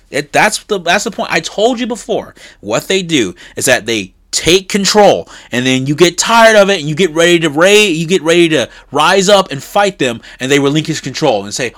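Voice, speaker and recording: A man's voice: on the high side, animated, fairly quick, fairly bright tone, no room sound, studio quality. A man delivering an emphatic opinion monologue as a political commentator, insistent and punctuating points with a pressing "okay?". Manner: emphatic, repeats "okay?" for stress; insistent, rising in intensity.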